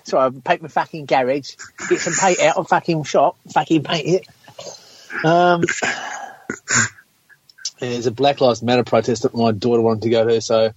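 A man's voice: mid-range voice, steady tone, normal speed, pauses often, breathy edge. A man in casual podcast chat, laid-back and sweary. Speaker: podcast co-host. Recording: dry, dull lo-fi recording.

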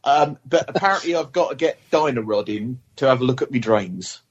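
A man's voice: medium pitch, lively intonation, brisk, lo-fi sound. A man chatting casually on a video call, telling a self-deprecating story about a repair. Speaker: podcast guest. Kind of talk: casual chat, anecdote.

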